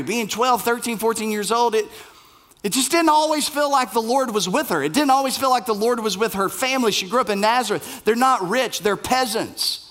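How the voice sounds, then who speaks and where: A man with a high speaking voice delivers a sermon to his church. He talks casually, building his points with repeated phrases. His delivery stays conversational even when he presses a point. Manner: conversational, emphatic repetition. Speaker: pastor.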